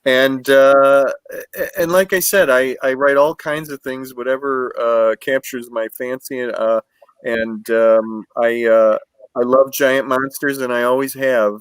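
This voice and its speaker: A man with a northern US accent chats on a video call as a panel guest. His voice sits at a middle pitch and sounds dry and close, with no room around it. He jokes, laughs often and stumbles into his sentences. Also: steady tone, unhurried, clear, resonant tone, no echo. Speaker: writer and editor, panel guest. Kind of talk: casual video panel chat.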